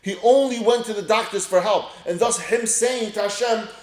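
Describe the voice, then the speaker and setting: A man's voice: sits high, normal speed, a little mellow, reverberant. A man giving a casual Torah lesson, reading Hebrew phrases and explaining them with everyday examples. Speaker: Torah teacher.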